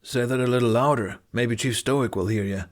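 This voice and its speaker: Male reader as a deadpan, sly young Viking woman. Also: mid-range voice, a little fast, natural voice. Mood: sniping. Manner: deadpan, sniping.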